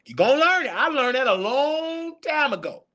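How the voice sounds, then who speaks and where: With an extremely high, sing-song voice that sounds pushed and bright, this man in his thirties talks at normal speed. He's hosting a live Q&A chat, confiding candid stories about his life.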